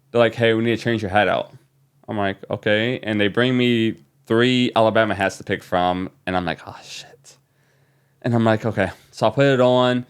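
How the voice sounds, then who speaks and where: A man from New Orleans, a young adult, guest on a podcast, telling an excited story with many fillers. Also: fairly low pitch, smooth. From New Orleans, USA. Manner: animated, excited retelling with fillers. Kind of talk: casual storytelling.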